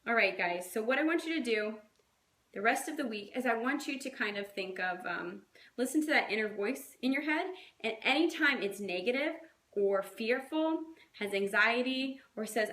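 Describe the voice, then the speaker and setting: A woman's voice: mid-range voice, lively intonation, moderate pace, fairly bright tone, echoey room. A woman coaching her team in a casual, chatty way, full of fillers and little acted-out quotes. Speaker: fitness coach.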